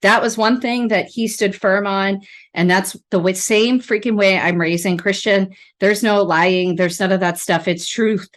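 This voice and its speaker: A woman hosting a podcast, talking casually and with feeling, laughing often as she tells animated stories. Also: medium pitch, measured pace. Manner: animated storyteller, laughs often, mimics voices. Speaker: podcast host. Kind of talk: casual, emotional remembrance conversation.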